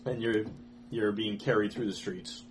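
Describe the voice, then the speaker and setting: A man narrating a tabletop game as game master, halting, with many fillers and restarts. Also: lowish voice, steady tone, background noise.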